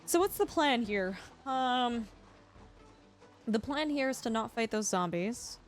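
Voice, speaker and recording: A woman's voice: a little high, animated, slow pace, soft background music. A young woman streaming a survival game live, chatting through her play and greeting viewers by name.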